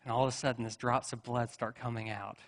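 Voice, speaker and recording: In a church sanctuary, a pastor preaches a sermon in a mid-range, fairly bright voice, speaking fast with a level tone. He tells stories conversationally, tossing in asides and rhetorical questions.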